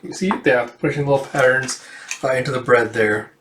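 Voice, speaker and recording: A man's voice: mid-range voice, steady tone, normal speed, fairly bright tone, slight background noise. A man casually reading a comic aloud and narrating the panels in a rambling, filler-filled way. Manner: rambling, filler-heavy retelling. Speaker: comic reader. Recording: roomy echo.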